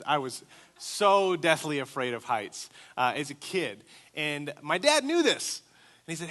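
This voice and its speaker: A young male pastor delivers a sermon built around a childhood story. His voice is fairly high and bright, and he slips into the voices of the people he is describing as he goes.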